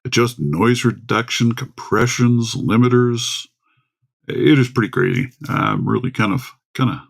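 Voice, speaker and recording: A chatty livestream host, a man talking at home into a desktop mic. His voice is gravelly and rough at the bottom, and it swings up and down a lot as he rambles and greets viewers. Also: medium pitch, big pitch swings, measured pace. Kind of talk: casual livestream chat. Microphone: desktop USB microphone.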